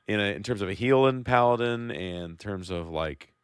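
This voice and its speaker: A man's voice: lowish voice, animated, moderate pace, clean tone, dry recording, studio quality. A man with a Midwestern accent co-hosting a podcast, chatting casually and joking as he thinks aloud. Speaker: podcast co-host. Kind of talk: casual chat about a card game.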